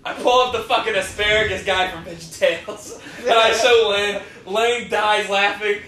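A young man telling stories in a casual podcast chat, profane and animated. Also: high voice, moderate pace, recorded from a distance. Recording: echoey room, voice a bit off-mic, faint noise.

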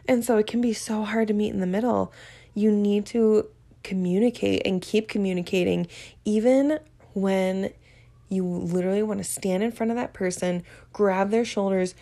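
Candid woman with a gravelly voice. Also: mid-range voice, fairly even intonation, measured pace, darkish tone. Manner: open, emotional, laughs often, vivid. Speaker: podcast host. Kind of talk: candid personal talk.

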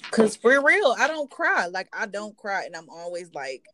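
A woman's voice: medium pitch, very animated, moderate pace, pushed and bright. A woman co-hosting a podcast in casual chat, talking loosely and profanely and laughing often, a little tipsy. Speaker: podcast co-host. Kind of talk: casual chat among friends.

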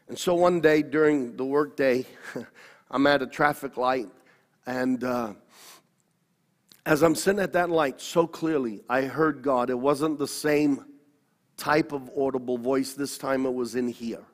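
A man's voice: medium pitch, a little slow. Earnest pastor in his sixties. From Australia. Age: 60s. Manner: earnest, storytelling, repeats and corrects himself. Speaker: pastor, interview guest. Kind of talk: personal testimony. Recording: long hall reverb.

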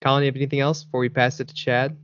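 A man's voice: mid-range voice, little pitch movement, very fast, fairly bright tone, dull audio. A man hosting a casual podcast chat, rambling and laughing often. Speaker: podcast host.

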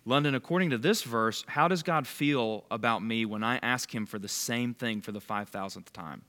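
A man's voice: medium pitch, normal speed, pushed and bright. A man leading a bible study, giving a casual, conversational sermon and quizzing his listeners by name. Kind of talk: casual sermon to a small group.

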